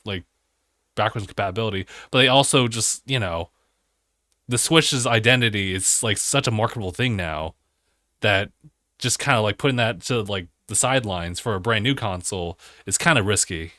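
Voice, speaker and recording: A young man co-hosting a gaming podcast, chatting in a relaxed, easygoing way. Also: on the low side, normal speed, no echo, clean studio sound. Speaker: podcast co-host. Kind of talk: casual chat.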